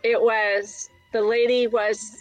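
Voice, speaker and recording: A woman co-hosting a morning show, chatting casually and reacting quickly to the others. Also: on the high side, level tone, faint music behind, low-quality recording. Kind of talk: casual chat.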